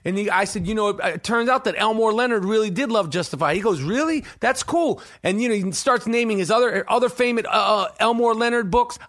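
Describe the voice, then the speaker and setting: A man hosting a podcast, telling a rambling, profane, excited story full of restarts. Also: high-pitched. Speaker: podcast host. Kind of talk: casual storytelling monologue.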